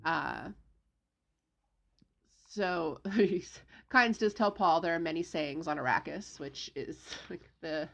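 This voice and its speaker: A woman with a low, gravelly voice talks through a book recap in a relaxed, chatty way. She drops into quick quoted lines for the characters as she retells the plot, then goes back to her everyday voice. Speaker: podcast co-host recapping a novel. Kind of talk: casual book discussion chat.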